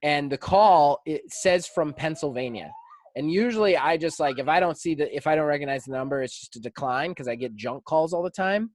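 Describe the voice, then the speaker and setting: A man in his thirties hosting a podcast, telling a story in a lively, animated casual chat. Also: fairly high pitch, fairly quick, no room sound. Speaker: podcast host.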